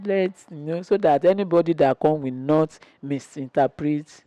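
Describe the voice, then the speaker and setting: A woman's voice: low-pitched, normal speed, no room sound, lo-fi sound. A woman in her sixties, telling stories about her marriage in an interview and acting out what was said. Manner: animated storyteller acting out quotes. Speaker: interview guest, wife. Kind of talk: storytelling interview chat.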